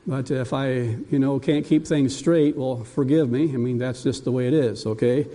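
A man's voice: medium pitch, fairly even intonation, moderate pace, mellow. An older man preaching a sermon in a church, folksy and self-deprecating, telling stories about his grandchildren. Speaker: pastor. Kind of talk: sermon with personal anecdotes.

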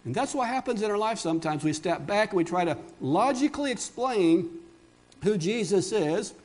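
A middle-aged male pastor preaching a sermon in an earnest, conversational way, with asides and restarts. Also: high-pitched.

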